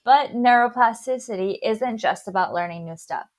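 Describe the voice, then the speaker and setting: A woman's voice: fairly high pitch, normal speed. A woman podcast host with a slight lisp, explaining a science topic in casual chat and stumbling over long words as she goes.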